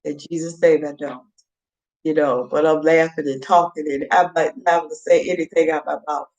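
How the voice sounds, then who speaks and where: A woman's voice: sits low, steady tone, a little fast, darkish tone, muffled recording. A woman chatting loosely to viewers in a casual livestream, rambling from topic to topic and laughing often. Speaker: vlogger.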